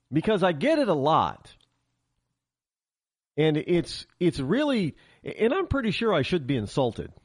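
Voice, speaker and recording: Man, talk show host, opinionated monologue, sarcastic, lively pitch, dry close sound. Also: no echo. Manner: opinionated, sarcastic, animated with frequent restarts. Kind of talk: conservative talk radio monologue.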